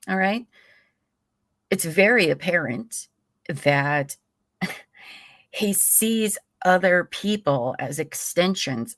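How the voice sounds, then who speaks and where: A woman's voice: lowish voice, a bit bright, no echo, studio quality. A woman hosting a livestream about a trial, angry and swearing as she comments. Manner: angry, profane, repeats courtroom audio aloud.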